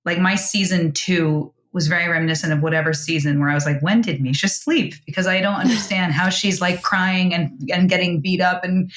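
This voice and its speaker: Young woman guest rambling on a podcast, low voice, roomy echo. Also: fairly even intonation, fairly bright tone. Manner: rambling, quick, laughs often. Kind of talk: casual chat.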